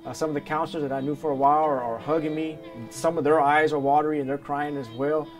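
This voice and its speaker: A man's voice: a little high, level tone, fast talker, faint music behind. A man being interviewed for a documentary, telling a personal story in an earnest, hesitant way with many restarts.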